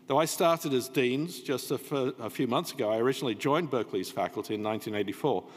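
Older guy reading a formal welcome, echo from a big hall, mid pitch. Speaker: dean introducing a panel. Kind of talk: prepared welcome remarks. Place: lecture hall. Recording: long hall reverb.

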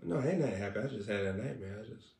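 Joking preacher in an echoey room. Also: male voice, on the low side, animated, very fast, vocal fry, darkish tone. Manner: playful, laughs often, teasing the audience. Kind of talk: joking live-stream preaching. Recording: echoey room, distant mic.

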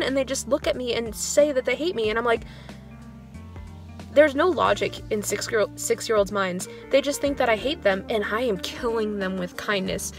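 A woman's voice: a little high, moderate pace, faint music behind. A young woman in her twenties, a schoolteacher, venting in a casual vlog, rambling with lots of "like" and sounding dejected. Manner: rambling storytelling, filler "like" throughout. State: dejected, low on motivation. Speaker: elementary school music teacher.

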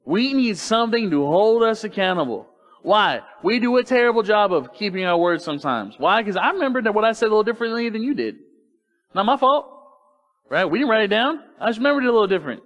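A man's voice: high voice, animated, fast, fairly bright tone, highs cut off. A man preaching a sermon in church, talking to the congregation casually and asking rhetorical questions. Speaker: pastor. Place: church sanctuary.

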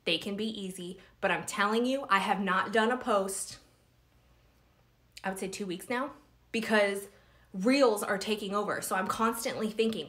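A woman's voice: medium pitch, normal speed, a bit bright. A woman hosting a casual live stream for small business owners, talking bluntly and feistily, cursing freely. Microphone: phone or webcam live stream.

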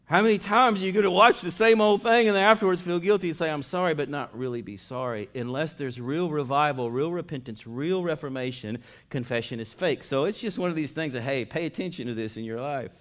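A man preaching a sermon as pastor in a conversational style, dropping to soft asides and rising to loud emphatic stretches. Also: on the high side, brisk, hardly any pauses.

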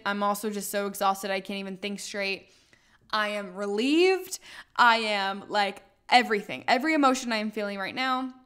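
A woman's voice: on the high side, a bit bright, smooth. A young woman hosting a podcast, telling a travel story casually, with dramatic retelling and lots of fillers. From United States. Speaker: podcast host.

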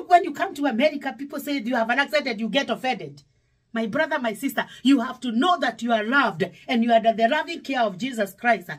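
A woman's voice: on the high side, slightly rough. A middle-aged woman from Kenya with a Kenyan accent, preaching a devotional sermon emphatically, repeating her phrases. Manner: emphatic, repeating phrases, sudden louder exclamations. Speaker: pastor.

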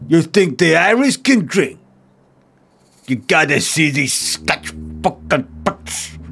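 A man's voice: on the high side, vocal fry, fairly bright tone, heavily acted. A man voicing a boastful, foul-mouthed male barroom storyteller who swears and repeats himself, in improvised comic storytelling. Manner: brash, swearing, repeats lines.

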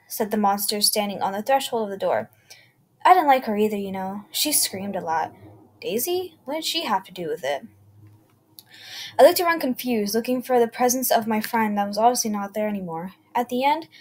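A woman's voice: on the high side, darkish tone. A woman narrating a first-person horror story, reading unevenly with slips and self-corrections. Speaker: channel host reading creepy stories.

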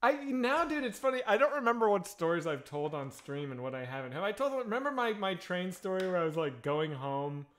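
A man from the Washington, D.C. area co-hosting a casual stream, laughing a lot and reacting quickly. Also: high-pitched, animated, fairly bright tone. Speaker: podcast co-host. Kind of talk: casual chat.

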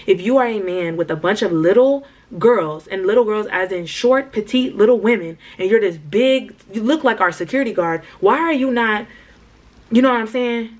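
A woman's voice: medium pitch, normal speed. A young woman telling a slangy storytime to her viewers, talking straight to them. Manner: animated slangy storytelling, addresses viewers as y'all. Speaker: vlogger. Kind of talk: storytime vlog.

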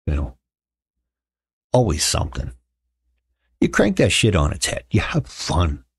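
A man's voice: low voice, wildly swooping pitch, measured pace, husky, no room sound, clean studio sound. A middle-aged man hosting a casual livestream, chatting with viewers in a sarcastic, joking way and telling stories. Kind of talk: casual chat.

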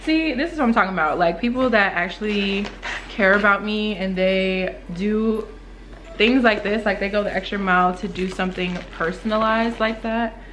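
A young woman with an excited casual unboxing vlog, gasping and exclaiming as she opens packages. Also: normal speed, slight background noise. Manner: gasping, exclaiming, swooping up high when thrilled. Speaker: beauty vlogger unboxing small-business packages.

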